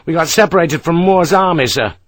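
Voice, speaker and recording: A man's voice: a little high, fairly quick, a bit bright, no echo, voice pushed up, close to an everyday voice. Man doing a weary soldier lieutenant, short sir-answers, dry sound. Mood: terse. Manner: clipped, dutiful, terse replies. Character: young male rifleman officer, blunt, tired soldier.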